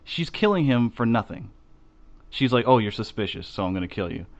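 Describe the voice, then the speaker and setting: A man co-hosting a casual chat show, rambling through a profane, animated retelling. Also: fairly low pitch, a little fast, dull audio. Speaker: podcast co-host.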